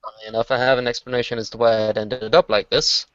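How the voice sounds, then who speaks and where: A man chatting casually, landing jokes in a dry, deadpan way. His voice sits at a middling pitch. The recording is dry and lo-fi. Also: quick pace, clean tone, dry recording. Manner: deadpan joking. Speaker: podcast co-host. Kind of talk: casual chat. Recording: dull lo-fi stream audio.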